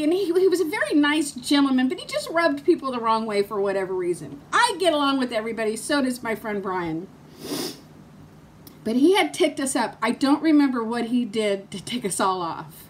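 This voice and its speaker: Chatty woman vlogger, fairly high voice. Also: sing-song, normal speed, slight background noise. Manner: chatty, laughs often while telling stories. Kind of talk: casual chat vlog with storytelling.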